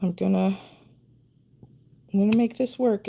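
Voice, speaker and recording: A woman's voice: medium pitch, steady tone, measured pace, gravelly, a little mellow, a little hiss or hum. A woman chatting casually on a live stream while painting her nails, talking to herself in a self-deprecating way as she concentrates. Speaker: nail art streamer.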